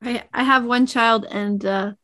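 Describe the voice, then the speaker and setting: A woman's voice: fairly high pitch, steady tone, a little slow, sharp tone. A woman co-hosting a podcast discussion, earnestly telling anecdotes from home life. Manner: earnest, anecdotal, often acts out little quoted exchanges. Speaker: podcast co-host. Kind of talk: casual panel discussion.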